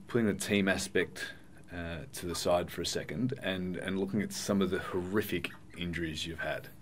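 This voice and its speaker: A man's voice: deep voice, a little hiss or hum. A man hosting a podcast, asking long probing questions with stumbled starts. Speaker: podcast host. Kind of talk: podcast interview.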